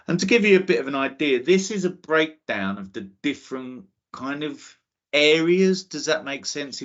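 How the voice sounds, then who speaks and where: A man's voice: mid-range voice, highs cut off. Enthusiastic man giving a talk. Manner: enthusiastic, chatty, frequent "okay?" check-ins. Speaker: guest speaker on space careers. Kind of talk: online talk to students.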